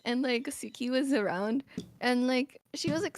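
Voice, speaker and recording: A woman's voice: high voice, animated, normal speed, heavy background noise. A woman co-streamer chatting casually, emotional and rambling with many fillers. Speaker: co-streamer and voice acting partner. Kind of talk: casual chat.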